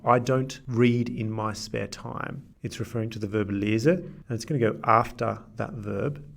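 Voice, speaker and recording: Gravelly-voiced man teaching grammar. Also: medium pitch. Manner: clear, explanatory, slows down for example sentences. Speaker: language teacher. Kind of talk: scripted grammar lesson.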